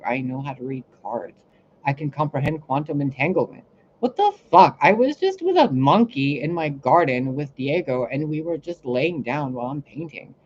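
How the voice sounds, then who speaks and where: Woman host, exasperated, profane rambling monologue; muffled lo-fi recording with a faint hiss. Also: sits low. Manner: profane, exasperated, swings between loud outbursts and quiet asides. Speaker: spiritual reader and channel host.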